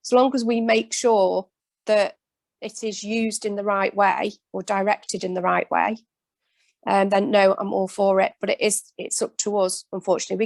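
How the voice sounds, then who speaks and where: A woman's voice: mid-range voice, vocal fry, no room sound. A woman dairy farmer from Britain speaking on a webinar panel in an earnest, plain-spoken and emphatic way.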